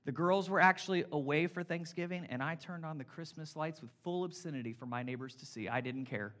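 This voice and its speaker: A man preaching a casual, playful sermon as pastor, energetic and talking straight to his congregation. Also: on the high side, fairly quick. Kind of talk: conversational sermon.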